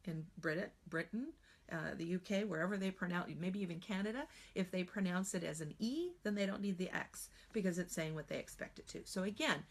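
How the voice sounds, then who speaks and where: An American woman teaching spelling in a live online class. She talks in a chatty, animated way and sometimes slips into playful silly voices. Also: lowish voice. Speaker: spelling trainer.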